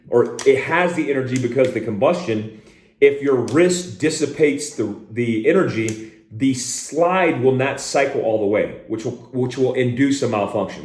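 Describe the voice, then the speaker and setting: A man's voice: medium pitch, a little mellow. A man teaching a hands-on shooting lesson as a firearms instructor, speaking directly and plainly and barking short drill commands. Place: indoor room with a door. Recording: roomy echo.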